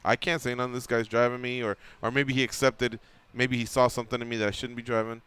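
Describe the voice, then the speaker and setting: This radio host has a mid-range, clean-toned voice and talks fast. Chatting casually in the studio, he works through a long anecdote, bringing the quotes to life like an animated storyteller.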